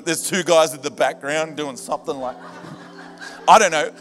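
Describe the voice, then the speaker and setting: A man preaching a sermon to a church, animated and humorous, rising to shouts at times. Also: on the high side, moderate pace. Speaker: pastor. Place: church hall. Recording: reverberant church hall with music. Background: band music.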